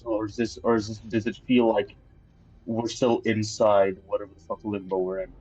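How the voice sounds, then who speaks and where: A man's voice: on the low side, flat delivery, normal speed, a little mellow, husky, soft background music. A man playing a tabletop game, asking casual out-of-character questions. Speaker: player. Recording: dull lo-fi stream audio.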